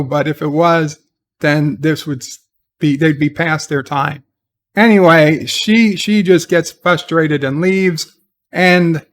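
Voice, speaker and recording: A man's voice: a little high, a bit bright. A man giving a casual spoken recap of a TV episode, rambling and hesitant with lots of fillers and sarcastic, exasperated asides. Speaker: TV episode reviewer.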